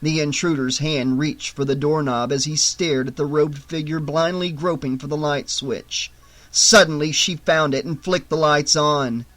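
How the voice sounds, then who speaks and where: A man's voice: on the high side, unhurried, fairly bright tone. Man reading a horror audiobook. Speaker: audiobook narrator. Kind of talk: audiobook narration.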